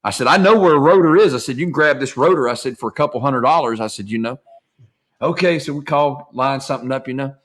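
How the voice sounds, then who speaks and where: A man's voice: mid-range voice, fast talker, a bit bright. A man hosting a casual chat, telling loose, profane stories and acting out phone calls. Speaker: host.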